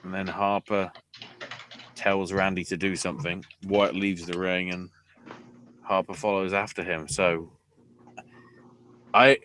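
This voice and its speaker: A man's voice: low voice, little pitch movement, takes it slowly, pauses often, fairly bright tone, a little hiss or hum. A man hosting a podcast, giving a rambling, sarcastic play-by-play recap with casual swearing. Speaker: podcast host.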